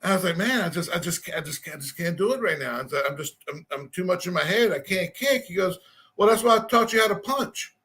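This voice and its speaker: A man's voice: high voice, expressive, fairly quick, pushed and bright. A man telling a rambling, self-deprecating story in a casual chat.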